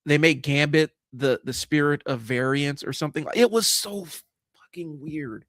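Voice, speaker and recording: Man in his forties, slightly high voice, rambling, blunt, casual, dry close sound. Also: moderate pace, a bit bright, no echo. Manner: rambling, lots of fillers and restarts; blunt, casual, swears at times. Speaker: livestream host. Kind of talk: casual comic book commentary.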